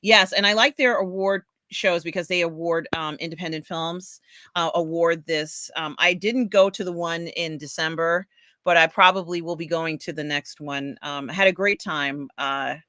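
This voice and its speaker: A woman's voice: on the low side, fairly even intonation, normal speed, sharp tone, dry recording, studio quality. A woman hosting a casual pop culture livestream, rambling with many ums and reading viewer comments aloud. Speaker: podcast host reading chat. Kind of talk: casual chat.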